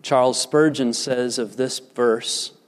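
A man delivering a sermon at an unhurried, deliberate pace, pitched in an ordinary middle range. He leans into key words with rising emphasis. His voice carries the long reverb of a large church hall. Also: fairly even intonation. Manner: slow, measured preaching with emphatic rises. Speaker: pastor.

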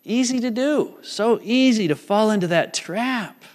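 A man's voice: sits high, lively intonation, a little slow. A man preaching a sermon earnestly, putting repeated questions to his congregation in a church. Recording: church hall reverb.

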